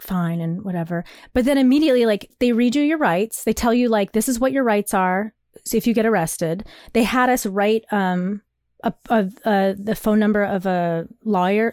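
A young woman co-hosting a casual chat, rambling and animated, laughing often and filling her talk with "like". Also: medium pitch, no room sound, clean studio sound. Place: New York.

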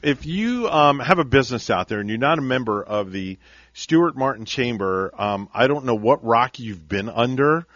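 A man's voice: mid-range voice, expressive, moderate pace, fairly bright tone, no room sound, lo-fi sound. A man hosting a morning radio show, chatting casually and jokingly plugging local business.

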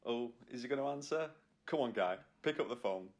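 A man's voice: medium pitch, animated. Jokey man co-hosting a podcast. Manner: jokey, quick to laugh. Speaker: podcast co-host. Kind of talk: casual chat.

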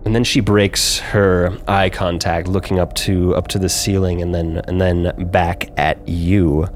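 Slow, low-voiced male game master. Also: flat delivery, a little hiss or hum. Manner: slow, descriptive, with small restarts. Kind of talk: narrating a tabletop game.

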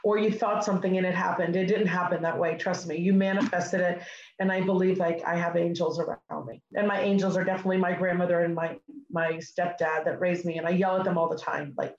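Middle-aged woman, interview guest, lively storyteller who acts out the dialogue; roomy, echoey sound. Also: fairly low pitch, a little fast, dull audio, a little hiss or hum. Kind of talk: personal storytelling. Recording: echoey room.

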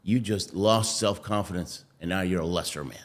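A former athlete appears as an interview guest, his low-pitched voice moving at a moderate pace. He tells stories with plenty of animation, acting out what other people said and laughing often.

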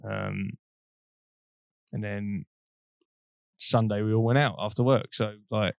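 A man's voice: on the low side, steady tone, slow pace, gravelly, a little mellow, clear, resonant tone, dry recording, studio quality. A young man, co-hosting a podcast and telling a long, rambling story in casual chat, laughing often and swearing freely. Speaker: podcast co-host.

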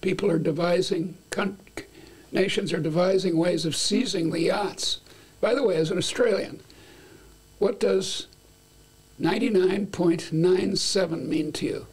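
A man's voice: high-pitched, unhurried, a little mellow, husky. An older man as an interview guest, talking in a rambling, playful way with many restarts. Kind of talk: conversational interview.

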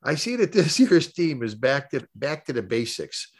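A man doing a quick impression of a blunt older male fire commissioner speaking at a podium, with a halfhearted attempt at a Boston accent. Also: mid-range voice, sing-song, husky. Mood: wry.

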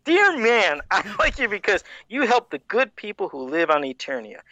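A man's voice: a little fast, no echo, dull audio. A man co-hosting a casual podcast, reading old fan letters aloud and joking about them with lots of laughter. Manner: animated, laughs often, jumps in pitch when joking. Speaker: podcast co-host.

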